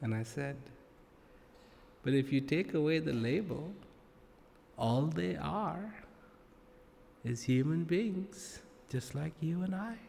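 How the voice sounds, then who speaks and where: A man giving a slow, emphatic talk to a live audience, with playful humor and long dramatic pauses. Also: fairly high pitch, animated, creaky, dark tone, a little hiss or hum. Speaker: speaker addressing an audience. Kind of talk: spoken address to a live audience. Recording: long hall reverb.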